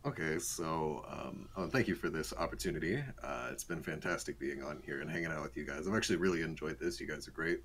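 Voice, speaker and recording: A man's voice: very deep voice, quick pace, few pauses, fairly bright tone, slight background noise. A young man, a guest pro player, explaining eagerly in a casual podcast chat and chuckling often.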